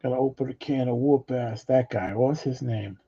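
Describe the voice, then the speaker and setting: A man's voice: mid-range voice, normal speed, warm tone, slightly rough. Rambling man, swearing, muffled audio. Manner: rambling, swears freely, laughs between stories. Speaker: vlogger. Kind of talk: casual rambling storytelling. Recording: dull lo-fi audio.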